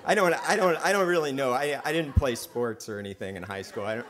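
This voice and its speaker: A man telling a personal story live on stage, chatty and self-mocking, with many halting restarts. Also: mid-range voice, background noise. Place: stage in a club venue.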